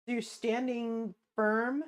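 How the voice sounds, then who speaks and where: On a casual late-night stream, a woman eats, replies to chat and laughs frequently. She speaks slowly in a fairly high voice with little pitch movement.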